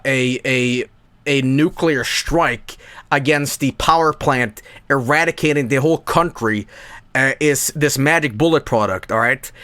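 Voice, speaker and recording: A man's voice: bright, forceful tone, clean tone, no room sound. Rambling, stammering male streamer. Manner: rambling, stammering repeats, sudden jumps in pitch. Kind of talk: profane live-stream commentary.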